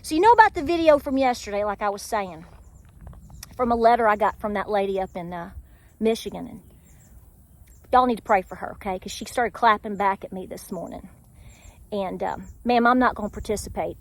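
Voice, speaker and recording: A woman's voice: mid-range voice, normal speed, pauses often. A middle-aged woman with a Tennessee accent, talking in a casual vlog with earnest, preachy encouragement. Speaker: homestead vlogger. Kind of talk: casual faith-filled vlog talk.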